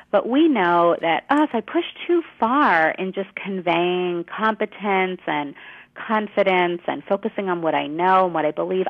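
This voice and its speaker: A woman guest expert explaining clearly in a teacherly way and giving examples, heard over a phone line. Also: fairly low pitch. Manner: articulate, teacherly, gives examples. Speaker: guest expert on women's communication. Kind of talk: explanatory interview answers.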